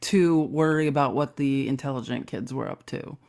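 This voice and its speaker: A woman's voice: extremely low pitch, moderate pace, darkish tone. A young adult woman co-hosting a comedy podcast, telling a rambling story full of sarcastic asides. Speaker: podcast co-host. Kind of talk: casual comedic chat.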